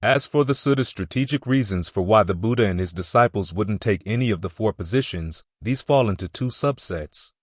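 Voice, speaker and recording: A man giving a measured, deliberate scripted reading of a Buddhist text. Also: on the low side, dry recording, clean studio sound.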